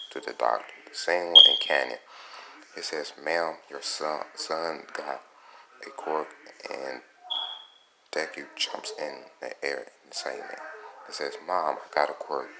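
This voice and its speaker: A man's voice: very deep voice, creaky, background noise. A man casually narrating a fan-made story for his channel, rambling and stopping to correct himself. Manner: rambling, self-correcting, halting. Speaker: YouTube storyteller.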